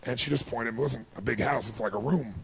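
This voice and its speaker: Male motivational speaker, heavily rasped fry, mid pitch, dynamic storyteller who goes quiet then surges loud and high. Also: brisk. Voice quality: gravelly. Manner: swings from hushed to loud and high when moved. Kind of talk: emotional storytelling speech.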